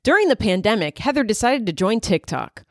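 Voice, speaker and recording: A woman's voice: medium pitch, sing-song, brisk, dry recording, studio quality. A woman in her thirties, a comedian hosting her own podcast, riffing in a wry, candid monologue full of asides. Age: 30s.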